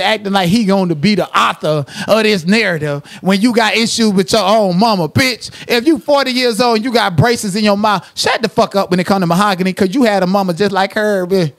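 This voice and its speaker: Man with a high voice, livestream commentary host, trash-talking, profane, drifts into sing-song. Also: a bit bright.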